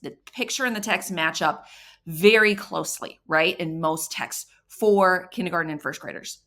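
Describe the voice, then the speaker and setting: An upbeat woman coaching parents on how to support a child's reading. She encourages warmly and slows down to sound out syllables and individual sounds with care. Her voice sits at an ordinary middle pitch. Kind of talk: instructional talk to parents.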